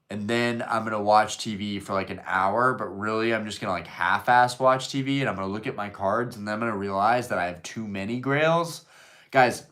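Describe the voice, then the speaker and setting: A man's voice: lowish voice, a bit bright. Laid-back man hosting a live stream. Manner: loose, joking, swears freely, reads viewer messages aloud. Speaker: livestream host reading chat. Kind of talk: casual livestream chat.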